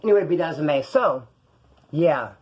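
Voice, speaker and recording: A man with a Californian accent tells stories from prison in a loose, rambling monologue. He talks fast in a fairly high voice, swears freely, and jumps into the voices of other people in his stories. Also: expressive, darkish tone, slightly rough, dull audio. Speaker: podcast host telling prison stories. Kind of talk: casual storytelling monologue.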